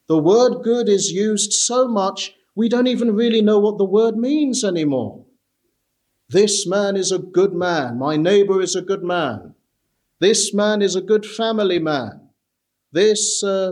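A man preaching an expository sermon in a measured, earnest way, pausing often with "uh". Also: high voice, a little mellow. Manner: measured, earnest, with frequent "uh" pauses.

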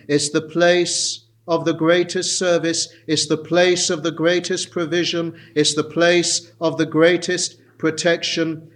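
A man preaching a sermon, slow and emphatic, climbing higher when he pleads with his listeners. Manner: earnest, slow and emphatic, rising in pitch for pleading passages.

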